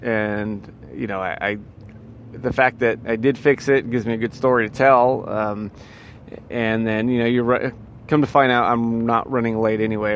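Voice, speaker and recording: A man's voice: on the low side, slight background noise. Rambling man musing about happiness. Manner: rambling, lots of fillers and restarts. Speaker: vlogger giving life advice. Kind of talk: casual motivational monologue.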